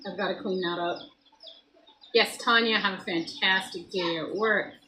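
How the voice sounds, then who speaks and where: A woman hosting a casual morning live stream from her home kitchen, chatting loosely with viewers and greeting them by name, her voice a little hoarse. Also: medium pitch, steady tone, moderate pace, noisy background.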